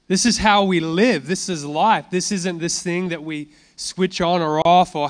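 A man preaching with an animated, storytelling manner, breaking off into casual asides and chuckles. His voice sits a little high for a man. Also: a little slow, hardly any pauses. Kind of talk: sermon with testimony.

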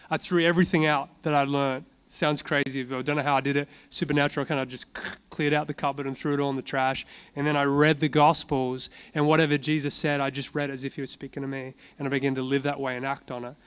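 A man's voice: fairly high pitch, little pitch movement, fast, hardly any pauses, a bit bright, clean tone. A man giving an informal sermon, telling personal testimony in a conversational way and asking and answering his own questions. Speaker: preacher.

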